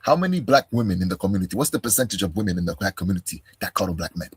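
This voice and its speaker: A man's voice: low voice, expressive, very fast, breathy edge. A man giving an argumentative reaction commentary, firing rhetorical questions and talking straight at the person he answers. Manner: combative, fires rhetorical questions, calls listener "bro". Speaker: commentator responding to a video.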